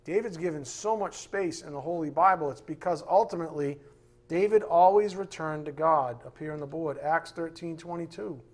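A man leads a Bible class in a loose, conversational way. His voice sits a little high for a man, and he jokes and slips into playful voices while he teaches. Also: moderate pace. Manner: animated, joking, acts out voices.

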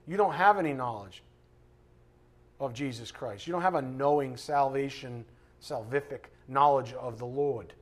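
A man preaching an informal sermon, blunt and animated, swinging between loud bursts and quiet asides and slowing down to read scripture with emphasis. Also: medium pitch. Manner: reads scripture slowly with emphasis.

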